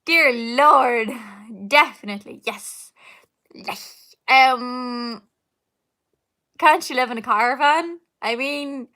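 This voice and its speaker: A woman's voice: high-pitched, slow, pauses often, pushed and bright. A young woman, chatting casually at home while answering comments on a live stream, rambling with lots of fillers and laughs. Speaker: singer hosting a live Q&A. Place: home, indoors.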